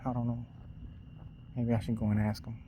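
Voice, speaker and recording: A man's voice: mid-range voice, flat delivery, warm tone, a little hiss or hum. A man rambling casually on a night walk outdoors, recorded on a phone held in his hand. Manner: loose, unhurried rambling with trailing restarts. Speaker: vlogger.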